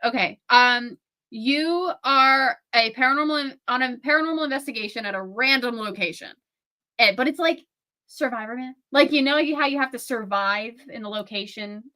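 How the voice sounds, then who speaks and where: Bright-voiced playful young woman. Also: on the high side, normal speed. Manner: giggly, playful. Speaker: co-host. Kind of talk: casual chat.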